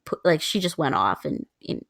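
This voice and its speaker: A woman in her twenties, a podcast co-host, telling stories in casual chat, animated and laughing often. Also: low-pitched, normal speed, gravelly, dry recording, studio quality.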